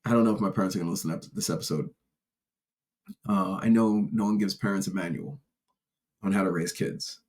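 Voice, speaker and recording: Male podcast host, lowish voice, rambling candid monologue, casual swearing. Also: fairly quick, long pauses, a little mellow, a little hiss or hum. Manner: rambling, candid storytelling with frequent restarts; uses profanity casually.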